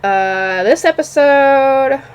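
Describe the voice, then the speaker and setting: In this casual solo review, a woman who reviews anime speaks very slowly, her high voice full of lively intonation. She wanders through her thoughts on an anime episode, often stopping while she searches for names.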